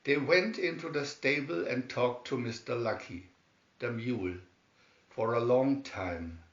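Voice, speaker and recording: A man reading a children's storybook aloud in a slow, measured way. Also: mid-range voice. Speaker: storybook reader. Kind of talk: read-aloud storybook narration. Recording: roomy, dull lo-fi sound.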